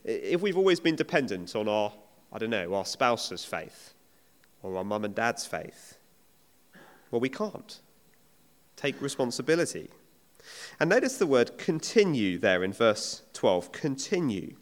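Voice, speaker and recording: Male preacher, emphatic and conversational, animated pitch, reverberant church hall. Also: a little slow, long pauses. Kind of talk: sermon.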